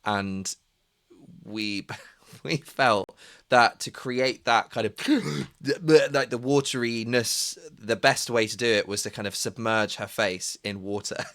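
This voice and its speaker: A man hosting a casual live chat, giggly and animated. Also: fairly low pitch, takes it slowly, dry recording, studio quality. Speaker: streamer host.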